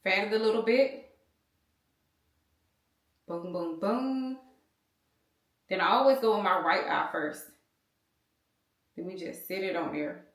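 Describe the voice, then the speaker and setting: An American woman in her thirties records herself at home on a small handheld camera, talking to her viewers as a beauty vlogger. She rambles casually, calls them y'all, and sounds animated and a bit bright in a mid-range voice. Her pace is moderate with long pauses, and the room gives the audio a roomy feel.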